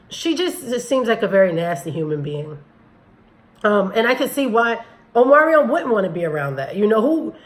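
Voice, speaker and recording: A woman's voice: mid-range voice, rough recording. A woman hosts a casual commentary on a video clip. She speaks bluntly and critically, addressing her viewers directly in an everyday voice. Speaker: commentary channel host.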